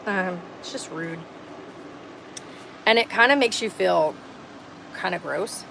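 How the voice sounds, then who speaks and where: A woman's voice: fairly low pitch, expressive, slow pace, gravelly, sharp tone, a little hiss or hum, low-quality recording. A woman vlogging outdoors at an RV park on a phone or camera, telling a story in an earnest, indignant, rambling way with lots of fillers. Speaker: homestead vlogger. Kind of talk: casual storytelling vlog.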